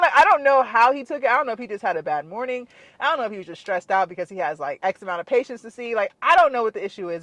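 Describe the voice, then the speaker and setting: A woman's voice: mid-range voice, dry recording. Frustrated woman vlogger venting. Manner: frustrated, animated, says "like" constantly. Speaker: fitness and wellness vlogger. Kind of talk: casual storytime rant to camera.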